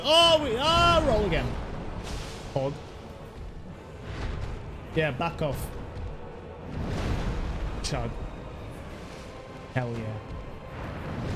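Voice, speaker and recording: Rambling young British man, slightly high voice. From United Kingdom. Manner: rambling, swears freely, laughs often, bursts into loud shouts at the game. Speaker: game streamer. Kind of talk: casual live-stream chat while gaming.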